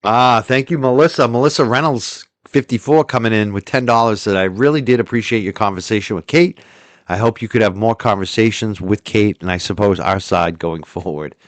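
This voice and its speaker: A man on a livestream reads through super chats and thanks the viewers, chatting casually, laughing easily, and letting his voice fade quietly at times. He speaks a little fast in a voice on the low side, recorded dry.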